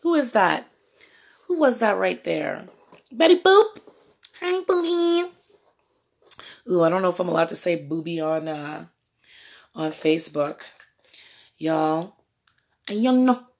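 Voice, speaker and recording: Woman, casual live vlog, playful, slow talker, gravelly fry. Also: on the low side, lively intonation, a little mellow. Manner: playful, chatty, talks to viewers and herself. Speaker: vlogger doing a live stream. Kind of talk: casual chatty live stream. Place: at home indoors. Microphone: phone propped up on a table.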